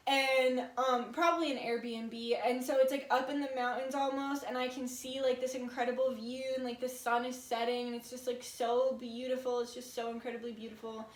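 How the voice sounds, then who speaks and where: A woman in her twenties giving a casual tarot reading, chatty and full of filler words and swearing. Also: high voice. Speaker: tarot reader. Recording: echoey room.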